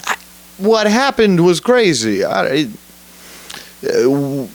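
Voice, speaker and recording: A man's voice: a little high, sing-song, slow. A young man hosting a solo podcast, rambling profanely in a casual rant, often laughing at himself. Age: young adult. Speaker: podcast host.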